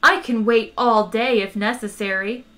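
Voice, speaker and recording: Casting: woman plays a nagging motherly computer, prim and high, bright voice, audiobook sci-fi. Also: fairly even intonation, normal speed. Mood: stern. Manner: prim, scolding and nannying. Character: fussy motherly ship's computer.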